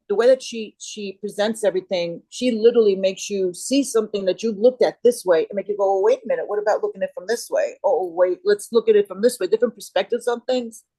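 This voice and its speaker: A woman's voice: medium pitch, darkish tone, no echo, low-quality recording. A middle-aged woman chatting as an interview guest, rambling and restarting as she searches for words. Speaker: guest, Kambo facilitator. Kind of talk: casual interview chat.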